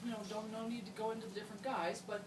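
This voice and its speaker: A woman's voice: a little high, steady tone, rapid-fire. A woman giving a chatty, humorous wedding toast about her friends, laughing often as she talks. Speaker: wedding speech giver, friend of the couple. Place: wedding reception. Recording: distant echoey room, noisy.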